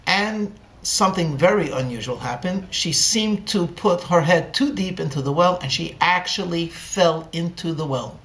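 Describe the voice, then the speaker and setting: A man, a rabbi, delivers a story as part of a sermon. He moves through it slowly and deliberately, pausing often between phrases. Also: a little high, a bit bright. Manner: slow, deliberate pacing with pauses.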